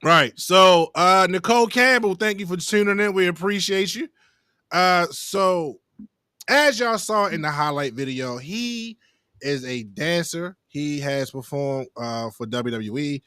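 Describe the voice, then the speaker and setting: A man's voice: fairly high pitch, lively intonation, a little slow, bright, forceful tone, clear, resonant tone, no room sound, studio quality. A man from the US East Coast hosting a casual podcast chat, joking and laughing often. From Maryland, US East Coast. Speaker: podcast host.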